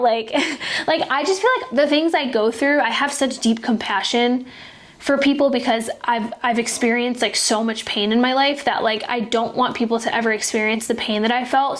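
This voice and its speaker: A young woman in her twenties speaks with a slightly high voice. She tells a personal faith story as a podcast host, chatty and earnest, with 'like' in nearly every phrase. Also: a bit bright. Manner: chatty, filler-heavy, frequent 'like'; earnest and heartfelt. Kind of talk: casual faith-based storytelling.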